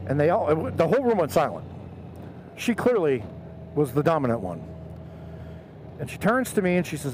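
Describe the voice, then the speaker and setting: A man's voice: fairly high pitch, a little fast, low-quality recording. A middle-aged man motovlogging, casually telling a story from his youth and acting out the voices of the people in it. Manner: animated storyteller, acts out quoted voices. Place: outdoors on a motorcycle. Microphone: helmet headset mic. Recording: road and traffic noise behind.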